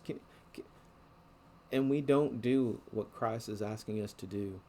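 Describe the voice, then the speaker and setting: A man's voice: fairly low pitch, unhurried, warm tone. A middle-aged man preaching a sermon in an earnest, conversational way, restarting phrases often.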